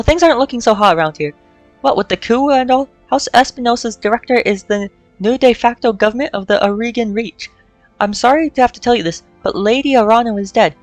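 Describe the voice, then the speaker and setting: A woman reading the lines of a steady, somber male mercenary officer aloud from a game, in a plain, level voice. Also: a little high, no echo, lightly acted.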